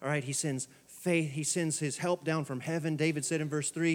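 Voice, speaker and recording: A pastor preaching a sermon in a church, moving from soft, quiet asides to shouted exhortations. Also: male voice, fairly high pitch, fairly even intonation, moderate pace, long reverb tail. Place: church sanctuary.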